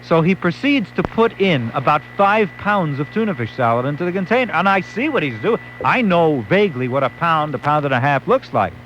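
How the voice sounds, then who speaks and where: A man's voice: fairly high pitch, lively intonation, fairly quick, hardly any pauses, a bit bright, a little hiss or hum. A male late-night radio host, telling a wry story and acting out quotes. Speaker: radio talk show host. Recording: dull lo-fi AM radio recording.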